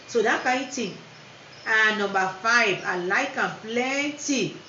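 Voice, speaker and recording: A woman's voice: a little high, fairly bright tone, slight background noise. Woman speaking West African Pidgin, emphatic. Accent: West African Pidgin English. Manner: emphatic, repeats words, mixes Pidgin with standard English. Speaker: motivational speaker. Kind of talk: casual motivational livestream talk. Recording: roomy, dull lo-fi livestream audio.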